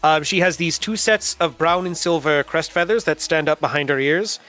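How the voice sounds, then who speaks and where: A man narrating as game master of a tabletop game, describing characters with frequent ums and pauses. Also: fairly high pitch, sharp tone. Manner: halting, filler-heavy description.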